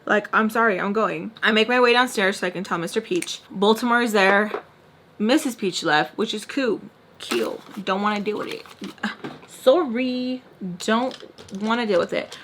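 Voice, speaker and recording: A woman vlogger telling a storytime in an animated, candid way, full of fillers and swearing. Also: mid-range voice, normal speed, slight background noise. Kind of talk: storytime vlog.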